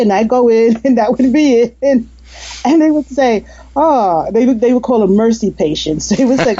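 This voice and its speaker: Speaking fairly high and animated, a little on the fast side, a woman comes through on lo-fi audio. Once a nurse and now a hypnotist, she tells heartfelt stories in a relaxed interview, laughing and frequently starting over.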